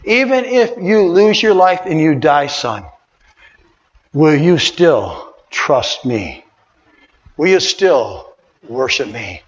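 A man preaching, quoting God as a gentle fatherly voice, in a dull, echoing recording. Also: very high-pitched, steady tone, moderate pace. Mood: solemn. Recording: dull sound with long hall reverb.

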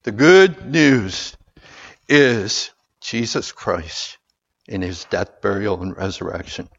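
Husky-voiced preacher swinging loud to soft. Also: male voice, fairly low pitch, animated, takes it slowly. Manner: swings from loud calls to quiet, earnest asides; calls for amens from the congregation. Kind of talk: sermon. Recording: dull lo-fi sound.

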